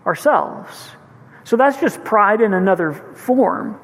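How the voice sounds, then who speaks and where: A man with a notably high voice preaches in a sermon, retelling scripture stories earnestly and pressing the point home. His voice rings out with a long reverb, as if filling a large church hall. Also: expressive, takes it slowly, vocal fry, a bit bright.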